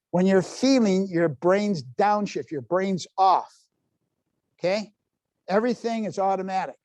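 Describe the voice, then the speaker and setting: A man's voice: sits high, darkish tone, no echo. A man in his seventies leading a live parenting workshop in a library room, quizzing the audience with folksy asides. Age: 70s. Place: public library meeting room.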